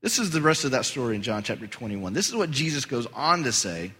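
A man preaching a sermon as pastor, animated and rising high and loud for emphasis. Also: quick pace, husky. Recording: long hall reverb.

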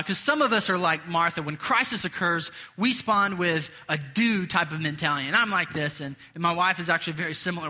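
A man delivers a conversational sermon in a high, piercingly bright voice, chatting with the congregation and poking fun at himself. His words ring out with a long reverb, as in a large hall. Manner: casual, chatty, self-deprecating asides. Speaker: pastor.

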